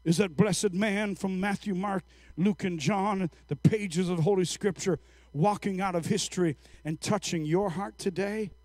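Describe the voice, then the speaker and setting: A male preacher with a fairly high voice, unhurried and deliberate, pausing between phrases as he builds toward fervent, shouted appeals. The sound is close and dry, with no room around it. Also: no room sound. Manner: slow, halting storytelling that builds to fervent shouting. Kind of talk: sermon.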